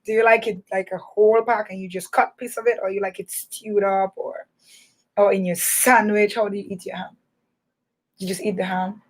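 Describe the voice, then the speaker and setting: A woman hosting a radio show for children, talking in a playful, animated way. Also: mid-range voice, normal speed. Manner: animated, playful, laughing and teasing. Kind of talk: lively children's radio chat.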